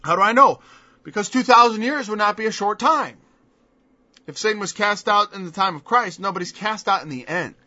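A man's voice: high voice, a little fast, pushed and bright, no room sound. A man preaching a sermon in an emphatic style, firing off mocking rhetorical questions. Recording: dull lo-fi dry recording.

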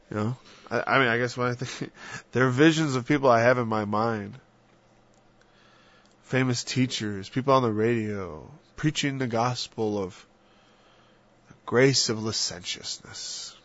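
A man talking earnestly about faith in a rambling, halting casual discussion, sometimes dropping to a soft whisper. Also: medium pitch. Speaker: Christian speaker. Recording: dull lo-fi dry recording.

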